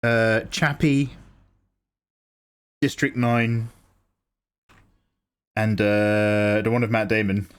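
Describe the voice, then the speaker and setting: A man's voice: fairly low pitch, little pitch movement, very slow, long pauses, clean tone. A young man hosting a live drawing stream, chatting casually and joking with viewers. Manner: chatty, jokey, laughs often. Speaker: livestream host. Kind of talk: casual chat while drawing.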